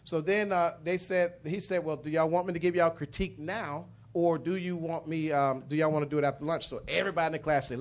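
A middle-aged man shares his testimony from the pulpit, his voice sitting a bit high for a man. He rambles and restarts often, circling back through the story with plenty of fillers. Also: steady tone, fast, few pauses. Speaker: minister. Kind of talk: personal testimony in a sermon.

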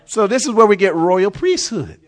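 A man preaching a sermon with passion, repeating phrases and shouting key words for emphasis. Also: high voice, sing-song, normal speed.

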